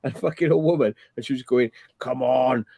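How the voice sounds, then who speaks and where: A man's voice: medium pitch, fast, gravelly, mellow, no room sound. A man hosting a loose late-night stream, telling rambling, crude anecdotes and swearing freely. His voice sits mid-range and sounds close and dry, with no room around it. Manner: rambling, profane storytelling with frequent laughs. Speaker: livestream host. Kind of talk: casual late-night chat.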